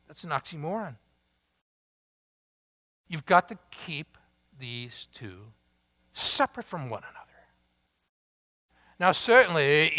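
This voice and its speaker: Slow, emphatic male preacher. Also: a little high, pushed and bright, clear, resonant tone. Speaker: pastor. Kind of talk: sermon.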